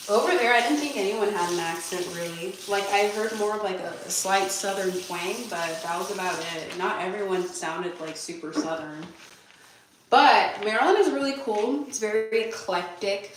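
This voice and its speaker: A woman's voice: mid-range voice, a little hiss or hum. Chatty young woman with a Californian accent, casual rambling vlog talk; mic set far off, roomy bathroom echo. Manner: rambling, chatty, answers viewer questions aloud. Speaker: vlogger. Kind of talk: casual chat while cleaning. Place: bathroom at home. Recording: echoey bathroom, voice from afar.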